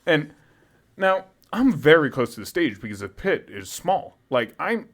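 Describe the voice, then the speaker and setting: A young man spins a casual podcast story with a lively, swooping voice that sits a little high for a man. He laughs often, swears freely, and gets loud when he imitates people. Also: unhurried. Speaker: podcast co-host.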